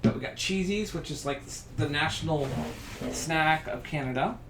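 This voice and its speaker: Chatty Southern man in an echoey room. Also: moderate pace. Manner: chatty, rambling storyteller with excited bursts. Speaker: craft show host. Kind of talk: casual live-stream chat while crafting. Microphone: live-stream camera mic. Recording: echoey room with rumbling background noise.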